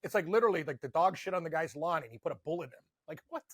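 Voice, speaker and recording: Rambling, husky-voiced male podcast host. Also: fairly high pitch, rapid-fire, no echo, clean studio sound. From Canada. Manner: rambling, animated storytelling with lots of "like". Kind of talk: casual sports betting chat.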